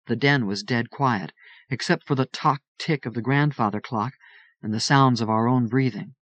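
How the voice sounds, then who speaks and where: Guy reading a story out loud, steady and even, close dry mic. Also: medium pitch, normal speed, dry recording, dull audio. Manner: steady first-person storytelling. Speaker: audiobook narrator. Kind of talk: audiobook reading.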